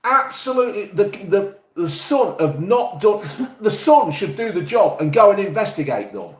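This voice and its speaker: A man's voice: high voice, big pitch swings, moderate pace, roomy sound. A man from the East Midlands hosting a live stream, reading viewer comments in a blunt, jokey, sweary way. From England, East Midlands.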